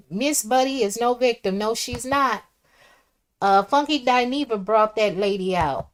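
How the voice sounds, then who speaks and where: A woman's voice: a little high, lively intonation, normal speed. A woman hosting a livestream, reading viewer comments aloud and reacting in a casual, chatty way. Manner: chatty, reads comments aloud and reacts, swings from soft asides to loud exclamations. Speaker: livestream host reading chat. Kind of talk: casual live chat commentary.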